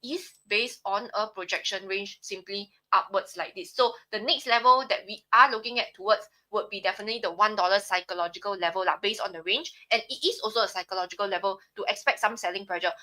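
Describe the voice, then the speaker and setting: Young singaporean lady explaining stock charts live, bright voice, keeps saying right?. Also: medium pitch, fast, hardly any pauses. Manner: explanatory, frequent "right?" tags. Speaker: trading analyst on a live stream.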